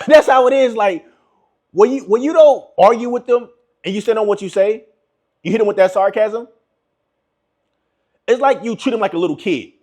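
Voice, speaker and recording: Husky high-voiced man giving blunt advice. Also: normal speed, long pauses, a little mellow. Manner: emphatic, repetitive, addresses viewers as bro. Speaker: relationship advice vlogger. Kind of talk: casual advice monologue.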